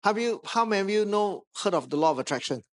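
A man with a Malaysian English accent, preaching a sermon as a pastor, telling a lively anecdote with touches of humor. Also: high voice, very fast. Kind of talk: sermon storytelling. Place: church stage.

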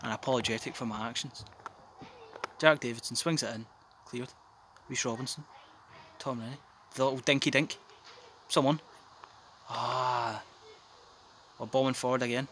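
Excitable sweary young man. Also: medium pitch, normal speed, pauses often, a little hiss or hum. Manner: sweary, jokey, bursts into yelling. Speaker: gaming commentator. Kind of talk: excitable game commentary. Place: back garden outdoors.

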